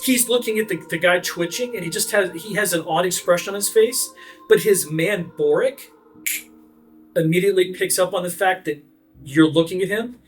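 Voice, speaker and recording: A man's voice: sits high, a little slow, long pauses, soft background music. A man narrating vividly as game master of a tabletop game. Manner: vivid, energetic narration with frequent fillers.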